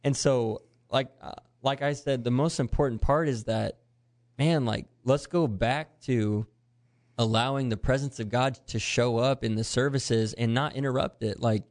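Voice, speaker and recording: At a moderate pace and in a mid-range voice, this man, a youth pastor, shares an animated, earnest story in conversation, performing each person's voice as he quotes them.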